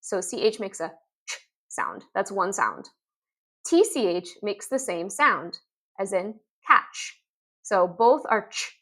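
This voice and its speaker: A woman explaining reading lessons in an upbeat instructional video, sounding out letters and words slowly. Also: medium pitch, big pitch swings, a bit bright. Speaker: literacy teacher.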